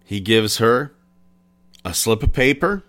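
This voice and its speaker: Slow, deliberate male true-crime storyteller. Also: mid-range voice, expressive, fairly bright tone. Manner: unhurried, conversational retelling with pauses. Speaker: podcast host.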